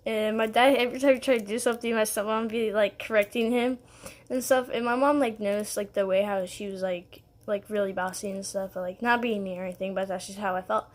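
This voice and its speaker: A young woman telling a story to her vlog viewers in a rambling, casual way, full of "like" and "um" and little laughs. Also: medium pitch. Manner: rambling, heavy on "like" and "um", giggly. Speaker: vlogger.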